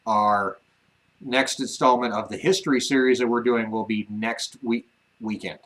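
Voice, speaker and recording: A man's voice: mid-range voice, steady tone, moderate pace, a bit bright, poor audio. A man co-hosting a casual ranch livestream, talking in an easygoing way with lots of fillers and restarts and some teasing. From Wyoming. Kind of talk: casual live-stream chat.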